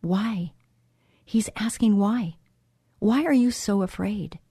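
A woman's voice: mid-range voice, takes it slowly, warm tone, breathy edge, no echo, clean studio sound. Encouraging woman hosting a devotional show. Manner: encouraging, conversational, repeats phrases for emphasis. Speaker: host of a Christian talk show. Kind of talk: devotional talk show monologue.

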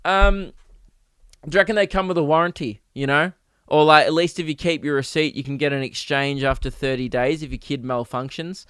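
A man's voice: fairly high pitch, steady tone, fairly quick, fairly bright tone, clear, resonant tone, no echo, studio quality. A man with an Australian accent hosting a comedic podcast, rambling crudely and jokingly, often slipping into mock voices. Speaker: podcast host. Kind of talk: comedic solo podcast rant.

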